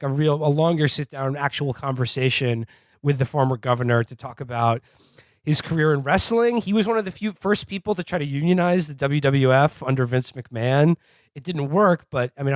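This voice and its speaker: A man's voice: mid-range voice, no room sound. A man co-hosting a podcast in casual comedic chat, rambling with lots of fillers and laughing often. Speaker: podcast co-host.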